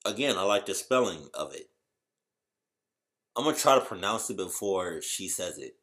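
A man in a casual vlog, reacting with loud exclamations and slangy chatter while trying out a translation app. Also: low-pitched, big pitch swings, normal speed. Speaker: YouTuber.

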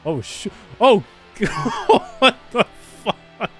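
A young man streaming a game live, excitable and foul-mouthed, reacting loudly and laughing often. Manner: excitable, swearing, laughing often, jumps up and down in pitch.

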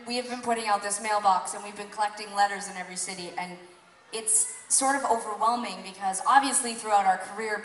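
A woman's voice: medium pitch, reverberant. A young adult woman musician giving emotional, rambling banter from a concert stage. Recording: live concert mic, far, loud crowd and noise.

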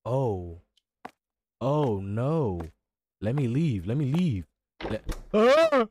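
Young male gaming YouTuber, playful horror let's-play commentary, middle pitch, very lively inflection, faint background hiss. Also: extremely slow. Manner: jokey, reacting aloud and talking to game characters.

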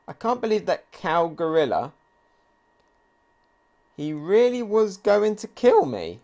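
Excitable man reacting live to a comic. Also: fairly high pitch, takes it slowly, long pauses. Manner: excitable, thinks aloud, reads quotes along. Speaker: manga reaction video host. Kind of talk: live reaction commentary while reading a comic.

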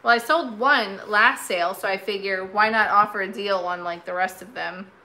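A woman's voice: medium pitch, normal speed, sharp tone, rough recording. A woman hosting a live vintage sale, chatting casually and repeating each bid aloud.

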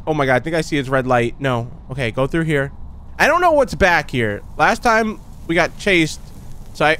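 A man's voice: a little high, fairly bright tone. A young man giving casual, chatty commentary while playing a horror game, often calling out "dude" and shrieking when startled. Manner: jumpy, chatty, calls viewers "dude". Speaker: gaming YouTuber.

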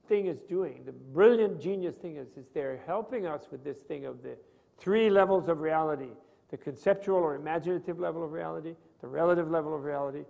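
This older man's voice is fairly high, gravelly and a little mellow. He lectures on Buddhist philosophy in a loose, rambling, conversational way, frequently checking in with students through questions, with the hall adding long reverb.

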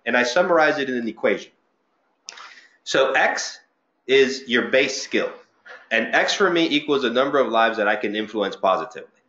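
A man's voice: mid-range voice, normal speed. A middle-aged male physician giving an informal talk to trainees, telling stories conversationally and acting out the people he quotes. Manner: conversational storytelling with lively quoted voices. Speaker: physician speaker at a training seminar. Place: lecture room. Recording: roomy, slightly muffled lecture recording.

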